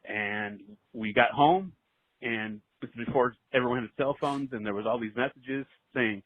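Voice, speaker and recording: A man's voice: medium pitch, dry recording. Man telling a ghost story over the phone. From Southern California. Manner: earnest, halting, many fillers. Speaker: voicemail caller. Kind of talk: storytelling voicemail. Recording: tinny phone line.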